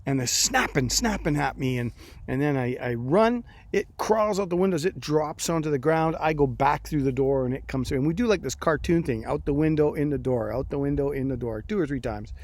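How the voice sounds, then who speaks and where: A man's voice: on the high side, expressive, brisk, darkish tone. A middle-aged man, a pastor, telling a personal story in a devotional talk, acting out his own reactions as he goes.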